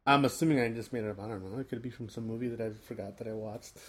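A man's voice: medium pitch, fairly even intonation, rapid-fire. A man co-hosting a podcast in casual chat, rambling and joking, often laughing. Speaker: podcast co-host.

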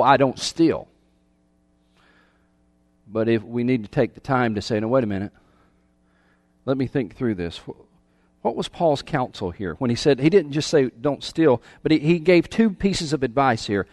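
A man's voice: mid-range voice, a little mellow, no room sound, clean studio sound. A man preaching a sermon in a conversational way, asking his listeners questions and often repeating words as he goes. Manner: conversational, asks the audience questions. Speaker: pastor.

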